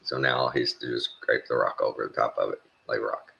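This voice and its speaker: A man's voice: a bass voice, fairly even intonation, vocal fry, pushed and bright, lo-fi sound. A middle-aged man from Texas, telling a rambling, blunt story in a casual rant. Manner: rambling, blunt, halting with fillers. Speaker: vlogger.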